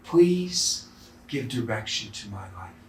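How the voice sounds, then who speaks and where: A preacher retelling the words of a wise, humble old village woman in a gentle, reverent way, in a roomy church. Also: lowish voice, big pitch swings, takes it slowly, slight background noise, pitched below the performer's own voice.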